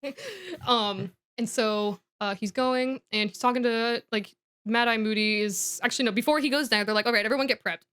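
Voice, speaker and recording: A young woman co-hosting a comedy podcast, recapping a story in loose, chatty talk with lots of "like" and restarts. Her voice sits fairly high, and she breaks into laughs easily. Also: fairly even intonation, moderate pace, a bit bright, smooth. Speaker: podcast co-host. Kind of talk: casual comedic book recap.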